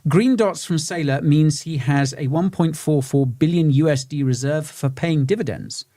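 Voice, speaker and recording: Co-host, man, wry rambling banter, slightly high voice, dry close studio sound. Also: normal speed, dark tone, no echo. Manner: rambling, wry, lots of fillers and restarts. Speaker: co-host of a crypto market show. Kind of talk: casual banter reading viewer comments.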